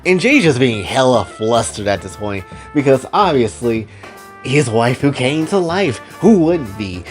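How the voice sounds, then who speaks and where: A man's voice: mid-range voice, big pitch swings, measured pace, soft background music. A young man casually narrating a story in rambling, slangy speech.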